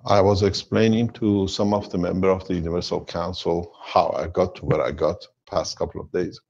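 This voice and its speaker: Man, very deep voice, husky and gravelly, lecturing at length, dull lo-fi call sound. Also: level tone, a little mellow. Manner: slow, rambling explanations in non-standard English. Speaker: workshop lecturer. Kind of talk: spiritual science lecture.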